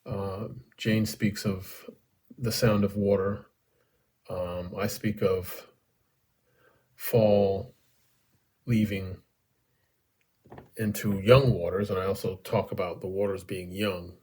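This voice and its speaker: A man teaching haiku in a relaxed, unhurried way, thinking aloud with many ums and uhs. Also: low voice. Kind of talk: relaxed spoken lesson.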